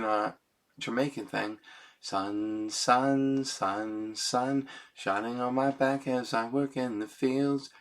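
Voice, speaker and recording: Speaking into a webcam microphone, this man has a gravelly, medium-pitched voice. He's an amateur songwriter who rambles in a self-conscious, casual way, leaning on "man" and "you know," and then softly recites song lyrics he wrote.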